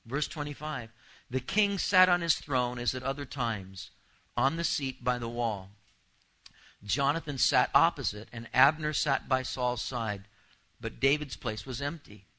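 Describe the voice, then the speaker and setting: A man's voice: medium pitch, unhurried, pushed and bright, rough recording. A man preaching an expository sermon to a congregation, talking animatedly and often repeating words as he thinks aloud. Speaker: pastor.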